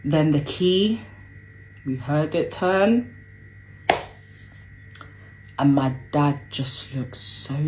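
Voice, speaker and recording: A woman's voice: deep voice, darkish tone, slight background noise, poor audio. A young woman telling a personal story, hesitant with lots of ums and acting out what people said.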